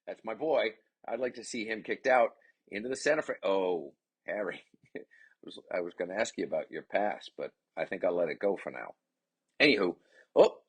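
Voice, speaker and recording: A man giving chatty, excitable play-by-play commentary on his son's game, with rambling asides. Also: lowish voice, moderate pace, husky. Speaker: parent commentator.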